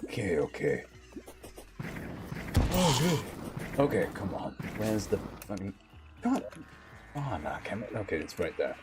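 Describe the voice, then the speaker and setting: A man's voice: on the low side, sing-song, unhurried, long pauses, music in the background. A young British man streaming a game, chatting casually with friends and bursting into laughter.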